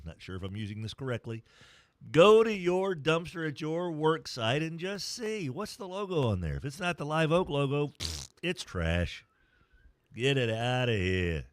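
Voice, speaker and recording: A man's voice: mid-range voice, dry recording. A man, hosting a radio show with joking banter and sponsor reads. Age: 60s. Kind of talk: casual sports radio banter with live ad reads.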